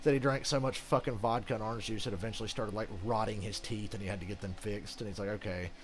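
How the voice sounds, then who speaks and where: A man's voice: lowish voice, fairly even intonation, fast talker. A man giving casual, rambling gameplay commentary as a channel host, ranting and swearing freely.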